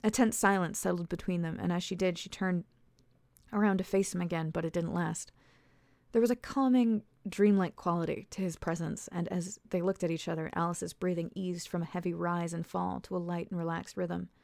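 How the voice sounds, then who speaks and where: A woman author reads her own story aloud at a steady, measured pace. Her voice sits low with a gravelly fry, and the sound is close and dry with no room around it. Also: dry recording. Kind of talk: storybook narration.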